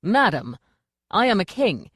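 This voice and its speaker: A woman's voice: mid-range voice, very animated, unhurried, breathy edge, dry recording, clean studio sound. A woman voicing the formal, courteous ghost of a king in an audiobook.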